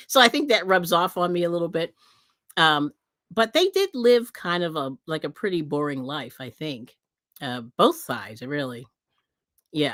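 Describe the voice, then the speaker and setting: A woman's voice: fairly low pitch, a bit bright, dry recording, studio quality. A woman hosting a livestream, chatting casually with viewers, rambling with many fillers and frequent laughs. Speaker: livestream host.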